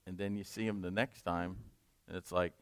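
A man leading a Bible study, reading scripture slowly and explaining it in a conversational way. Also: deep voice, fairly even intonation, clear, resonant tone. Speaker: Bible teacher.

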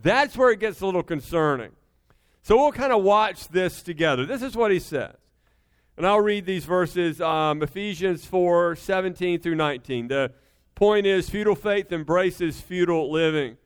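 A man's voice: high-pitched, lively intonation, normal speed, clear, resonant tone. A middle-aged man preaching a sermon, emphatic and conversational, often turning to the congregation with asides. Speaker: pastor.

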